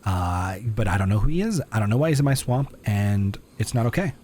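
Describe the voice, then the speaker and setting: A man's voice: fairly low pitch, expressive, brisk, dark tone, slight background noise. A young man streaming a game live, chatting in self-mocking asides as he plays. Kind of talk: live gameplay commentary.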